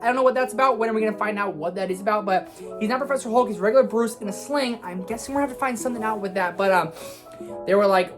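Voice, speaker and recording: A woman giving an excited spoiler movie review in a gushing, casual way, with slang and swearing. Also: medium pitch, fast talker, music in the background. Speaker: film reviewer.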